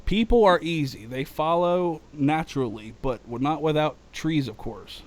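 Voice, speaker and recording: A man voicing a calm, dry-witted male alien envoy, reading in a slightly higher, softer, measured voice. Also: lightly acted.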